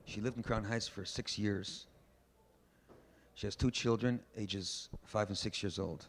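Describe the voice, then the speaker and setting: In an unhurried, lowish voice, a man preaching as a rabbi delivers a story-filled sermon. His emphasis builds into loud, preachy exhortations. This archival event recording from a large synagogue hall has faint background noise.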